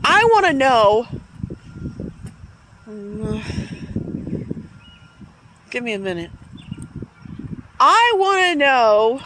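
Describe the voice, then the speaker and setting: A woman vlogging outdoors in a town cemetery, talking in a halting, musing way, repeating phrases and getting emotional. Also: on the high side, fairly bright tone, poor audio. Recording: outdoor street noise. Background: passing traffic.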